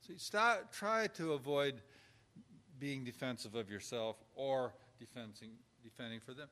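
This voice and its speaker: A man's voice: mid-range voice, moderate pace, a bit bright. A man giving an informal lecture on caregiving with numbered points, talking conversationally and acting out example dialogue. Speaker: instructor on pastoral caregiving.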